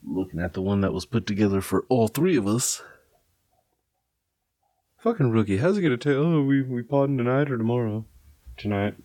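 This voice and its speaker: A man's voice: mid-range voice, expressive, moderate pace, pauses often, mellow, dry recording. A young adult man hosting a podcast in casual chat, laid-back, swearing and laughing often. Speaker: podcast host.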